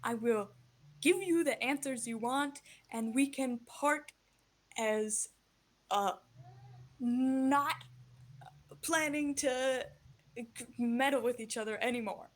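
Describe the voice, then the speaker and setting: A woman's voice: high-pitched, takes it slowly, long pauses. A woman voicing a condescending middle-aged male villain in a tabletop game, who calls others darling. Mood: smug.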